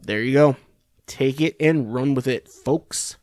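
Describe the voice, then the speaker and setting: A man's voice: mid-range voice, takes it slowly, darkish tone, dry recording, studio quality. A man hosting a podcast, giving casual political commentary in a rambling, sarcastic, profane way. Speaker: podcast host.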